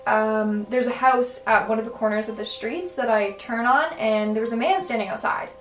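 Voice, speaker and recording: A woman's voice: fairly high pitch, normal speed. Chatty young woman, roomy and distant. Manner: chatty, filler-heavy, lots of "like" and restarts. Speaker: vlogger. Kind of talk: casual storytelling. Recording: roomy, distant mic, faint music.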